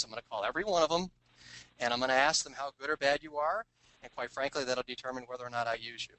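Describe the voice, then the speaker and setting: A man tells business war stories in an animated, confiding way, slipping into put-on voices to act out phone calls. His voice is bright and forceful. The recording is dry, with no room sound. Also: medium pitch, quick pace, no echo, rough recording. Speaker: author talking about his sales book. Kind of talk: storytelling business talk.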